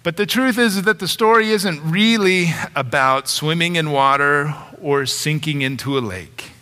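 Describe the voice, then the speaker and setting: A middle-aged man preaching a sermon in an unhurried, deliberate pace, his voice bright and slightly high. He tells the story with storyteller's flair, and the sound carries a long reverb, as if from a large hall. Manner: storytelling, animated when retelling scenes. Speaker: pastor.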